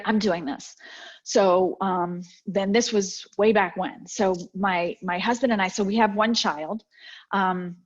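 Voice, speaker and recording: Husky-voiced woman giving a motivational talk. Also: medium pitch. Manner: lively storyteller, acts out quoted exchanges. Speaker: guest speaker. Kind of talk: motivational talk with personal stories. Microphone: video call. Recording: dull lo-fi video call audio.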